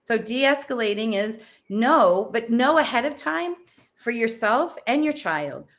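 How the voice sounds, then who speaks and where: A middle-aged woman, a guest on a parenting interview, telling stories in a lively, animated way. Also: fairly high pitch, unhurried. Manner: animated storyteller. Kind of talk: casual interview.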